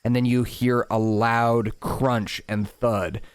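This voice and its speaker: A man narrating a tabletop game as dungeon master, setting scenes calmly and chatting casually between rolls. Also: medium pitch, takes it slowly, clear, resonant tone, no room sound. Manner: calm, descriptive scene-setting with casual asides.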